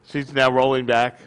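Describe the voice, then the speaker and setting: A man's voice: high voice, a bit bright. A middle-aged man leading his congregation with a folksy, joking sermon, often poking fun at himself. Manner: folksy, joking, self-deprecating. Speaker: congregation leader.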